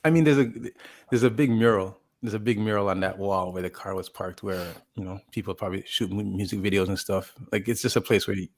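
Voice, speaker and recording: Rambling man telling a story, low voice. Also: fast. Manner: rambling, full of "like" and restarts, acts out quotes. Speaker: podcast co-host. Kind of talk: casual storytelling chat.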